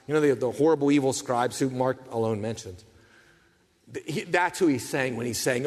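A man preaching a sermon, swinging from hushed, low passages to fervent, raised ones. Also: animated, brisk, big-room sound.

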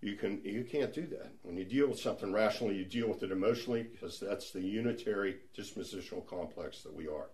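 A man's voice: on the low side, fast talker, few pauses, a little mellow. A middle-aged man leading a church Bible study in a conversational teaching style, chatty and prone to restarts. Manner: chatty, with frequent restarts and asides.

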